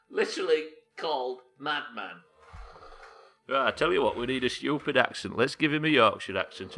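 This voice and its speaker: A man's voice: medium pitch, animated, moderate pace, pushed and bright. A male gaming streamer talking through live gameplay, sweary, joking and self-deprecating. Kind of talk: live gameplay commentary and chat. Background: game music and sounds.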